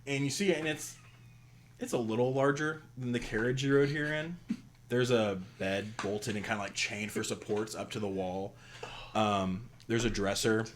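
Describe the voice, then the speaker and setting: Male game master, low voice, loose rambling narration, animated. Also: moderate pace, slight background noise.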